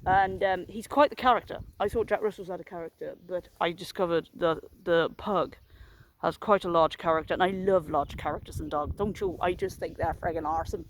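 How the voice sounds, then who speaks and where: A woman's voice: fairly low pitch, fairly even intonation, brisk, a little hiss or hum. A woman in her thirties chatting casually into her phone while walking outdoors, telling a story in a rambling, jokey, self-mocking way. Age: 30s. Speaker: vlogger walking her dogs. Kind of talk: casual chat to a phone camera. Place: outdoors, walking in a public area. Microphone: handheld phone.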